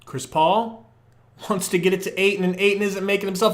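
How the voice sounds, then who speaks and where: A young man doing live fan play-by-play on a podcast stream, muttering then shouting as plays unfold, on a poor microphone. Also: high-pitched, a little fast, echoey room. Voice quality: profane, partisan fan commentary. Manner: excitable, swings from muttering to shouting. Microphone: poor quality microphone.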